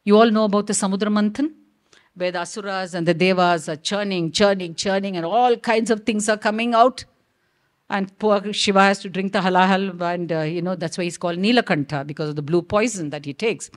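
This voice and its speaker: A woman's voice: mid-range voice, fairly quick. A middle-aged woman, animatedly telling a myth and acting out the dialogue. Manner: animated, acts out quoted dialogue, frequent "okay?" check-ins. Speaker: speaker telling a myth on stage. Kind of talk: storytelling talk.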